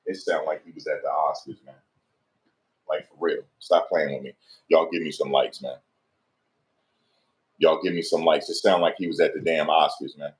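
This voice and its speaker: A man doing casual vlog commentary, animated and slangy, repeatedly pleading with viewers for likes. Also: very deep voice, moderate pace, long pauses. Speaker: online commentator.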